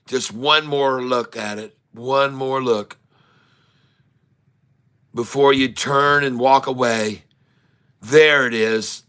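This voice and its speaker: A middle-aged man giving excitable, taunting live commentary while day-trading, drawling numbers and talking to the market. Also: on the low side, slow pace, clean tone.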